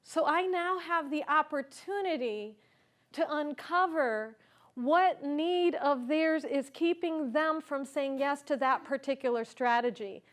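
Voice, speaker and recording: A woman's voice: high-pitched, a little slow. A woman speaking at a conference, telling a personal story in an earnest, reflective way and asking the audience questions. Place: conference stage.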